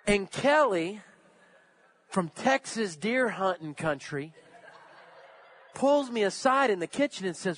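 High-voiced male preacher. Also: lively intonation, takes it slowly, long pauses, fairly bright tone. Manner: storytelling, repeating phrases for emphasis. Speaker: pastor. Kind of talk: sermon.

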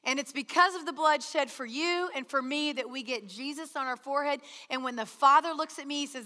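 High bright woman preaching in a hall. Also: fairly quick, hardly any pauses. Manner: earnest, acts out prayer dialogues with God. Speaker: retreat speaker. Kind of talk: sermon. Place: large hall. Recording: hall reverb.

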